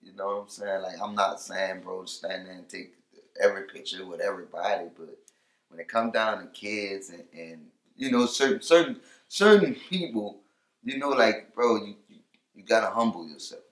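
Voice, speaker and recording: This rapper, his voice on the low side, chats loosely at normal speed in an interview, often saying "you know" and "for real." When he gets worked up he turns loud, and the recording sounds roomy.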